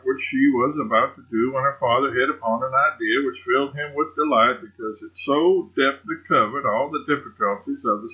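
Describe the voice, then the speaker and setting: A man's voice: mid-range voice, dull audio. Man narrating a classic novel. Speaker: audiobook narrator. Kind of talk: reading a classic novel aloud.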